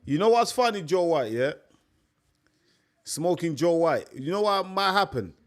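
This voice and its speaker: A young man is hosting a live stream, his voice a little high with lively intonation and an unhurried pace. He chats casually, repeats himself, and keeps calling his listeners "mate."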